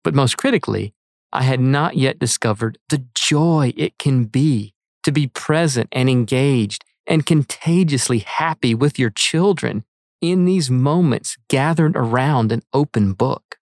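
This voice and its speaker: An earnest middle-aged man reads his own essay aloud at a measured pace. His voice sits at an ordinary middle pitch. The recording is dry and close, with no room sound. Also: darkish tone, no room sound. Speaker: author reading his article. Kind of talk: read-aloud essay narration.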